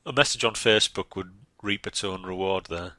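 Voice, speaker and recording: A man's voice: deep voice, brisk, sharp tone. A man co-hosting a casual podcast chat, teasing and asking prodding questions. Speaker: podcast co-host.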